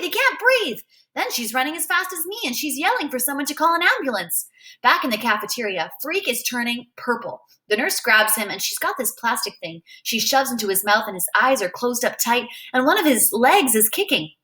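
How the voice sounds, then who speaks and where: Bright, lively woman reading a novel. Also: fairly high pitch. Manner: expressive storytelling. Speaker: reader.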